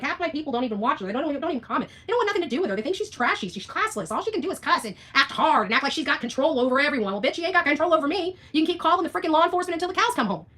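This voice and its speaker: A woman vlogger rants straight to her audience, blunt, sarcastic and freely profane. Her voice sits a little high and sounds bright and cutting. She talks quickly, firing off jabs one after another. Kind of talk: ranting livestream vlog.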